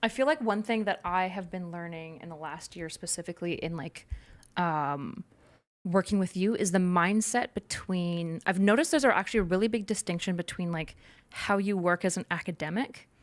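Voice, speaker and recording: Young woman, chatty explainer, lowish voice. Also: fairly quick. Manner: explains clinical terms in a chatty, filler-heavy way. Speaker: co-host. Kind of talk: casual chat on a livestream.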